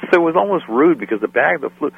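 Gravelly man on a tinny line. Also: fairly high pitch, fast talker, no room sound. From United States. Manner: animated anecdotes, acts out quoted voices; laughs often. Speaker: guest, musician. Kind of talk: storytelling interview. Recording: dry phone-line sound.

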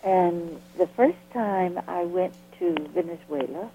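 A woman's voice: on the low side, slow. An older woman from the Southern United States telling stories from her life in an interview, acting out the voices of people she met. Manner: lively storyteller who acts out quoted dialogue. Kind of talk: storytelling reminiscence. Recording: tinny phone-like line.

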